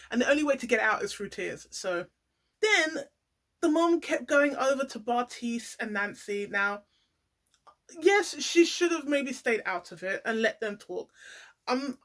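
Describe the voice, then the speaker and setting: A woman giving a casual, animated vlog commentary, playing up the drama and talking straight to her viewers. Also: on the high side. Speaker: YouTuber reviewing a reality show.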